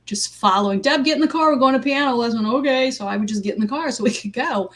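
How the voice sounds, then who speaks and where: A woman life coach giving a casual live talk, telling personal stories with frequent ums and 'right?' asides. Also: on the high side. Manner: conversational, lots of ums and 'right?' tags.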